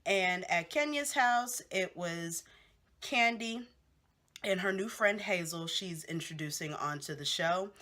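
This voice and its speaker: A woman's voice: lowish voice, slow pace, sharp tone. A woman hosting a casual gossip recap of a reality show, chatty and candid with lots of fillers and asides.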